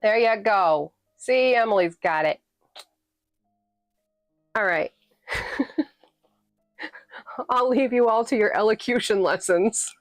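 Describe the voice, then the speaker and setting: A woman from New England hosts a live stream and banters with her viewers between readings. She is sassy and quick to laugh, and her voice sits at an ordinary middle pitch. The sound is dry and close, with faint music playing underneath. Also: dry recording. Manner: playful and sassy, laughing often. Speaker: livestreamer and author reading her novel.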